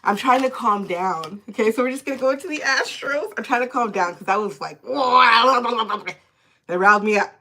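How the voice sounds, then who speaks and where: A woman tarot reader talking live into her phone, animated and indignant, cursing freely as she vents. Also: a little high, fast talker. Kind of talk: live-streamed tarot chat.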